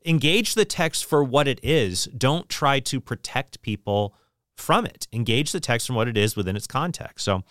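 A man's voice: mid-range voice, lively intonation, normal speed, fairly bright tone, no echo, clean studio sound. A middle-aged man talking casually and opinionatedly about books, rambling with frequent restarts.

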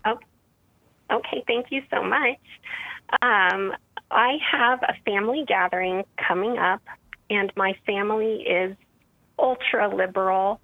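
A woman's voice: medium pitch, a little slow, long pauses, no echo. A woman from Washington state calling into a radio show with an earnest, hesitant question. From Spokane, Washington. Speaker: radio caller. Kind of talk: call-in question. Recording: tinny phone line.

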